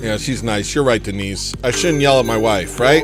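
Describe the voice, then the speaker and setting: A man's voice: medium pitch, moderate pace, few pauses, music in the background. A young man hosting a comedy livestream, rambling and joking as he reads the chat, laughing often. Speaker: livestream host.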